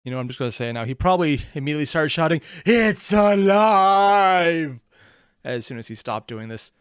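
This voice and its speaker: A man hosting a reaction video, sarcastic and excitable, swearing freely. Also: mid-range voice, rapid-fire, smooth, dry recording, studio quality. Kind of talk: reaction commentary.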